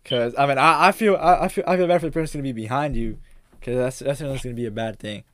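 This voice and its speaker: A man hosting a podcast in casual chat, animated and often repeating words as he restarts. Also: mid-range voice, fast talker. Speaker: podcast host.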